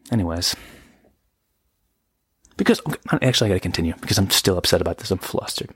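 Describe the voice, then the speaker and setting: A young man hosting a podcast, ranting in exasperation and jumping into sudden high-pitched outbursts. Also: fairly quick, slightly rough, dry recording, clean studio sound. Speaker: podcast host. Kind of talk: comedic solo podcast rant. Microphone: podcast microphone.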